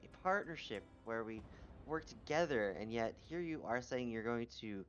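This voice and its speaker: A man's voice: mid-range voice, animated, moderate pace, fairly bright tone, highs cut off, soft background music, close to an everyday voice. A man voicing a sarcastic female adventurer in a tabletop game, indignant and mocking.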